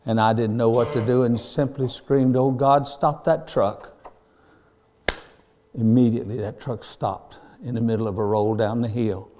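A man's voice: mid-range voice, little pitch movement, normal speed, few pauses, warm tone. An older man, preaching a sermon in a folksy, earnest storytelling style.

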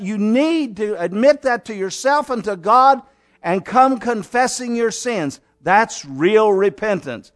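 High-pitched guy preaching, emphatic, loud then low, lots of rhetorical questions. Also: expressive, slow pace. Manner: emphatic, rising to near-shouts and dropping low, with rhetorical questions. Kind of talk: sermon.

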